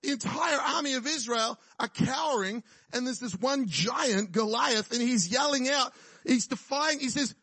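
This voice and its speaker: Male preacher, high voice, dry close sound, casual humor. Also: moderate pace, fairly bright tone, breathy edge, no echo. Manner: jokey, conversational preaching with frequent "right?" and laughs. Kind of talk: sermon.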